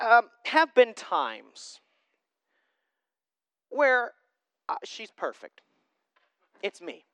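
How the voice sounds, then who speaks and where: A young man preaching a sermon as a pastor, conversational and self-deprecating, with lively asides. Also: a little high, clean tone, no echo.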